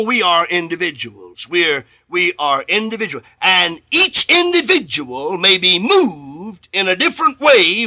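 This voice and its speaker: Male radio preacher, high, lively voice, slow and emphatic, booms then drops to a hush. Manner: emphatic preaching with sudden swells and hushed drops; acts out bits of dialogue in his sermon. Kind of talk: radio sermon.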